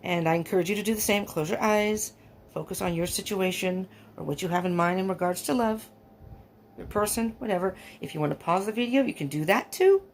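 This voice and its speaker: A woman's voice: medium pitch, lively intonation, brisk. A woman from California giving a casual, rambling tarot reading from an upstairs room at home. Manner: rambling, chatty, laughs often. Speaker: tarot reader. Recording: faint fan noise at home. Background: faint fan noise.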